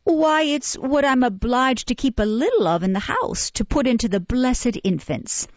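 A woman's voice: a little high, very animated, normal speed, no room sound, highs cut off, pitched above the performer's own voice. A woman reading aloud, voicing a fawning middle-aged woman who keeps an orphan house, gushing and falsely humble. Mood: wheedling. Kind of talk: audiobook character reading.

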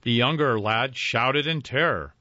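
A man narrating a folk ghost story in a measured, dramatic reading. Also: medium pitch, bright, forceful tone, no echo. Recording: dry, dull lo-fi with faint music.

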